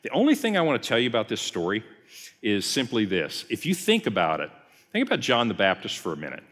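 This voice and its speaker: A man's voice: fairly low pitch, huge pitch swings, fast, fairly bright tone. A man preaching a conversational teaching sermon as a pastor, telling the story and acting out quoted lines. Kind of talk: teaching sermon, Bible study session. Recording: long hall reverb.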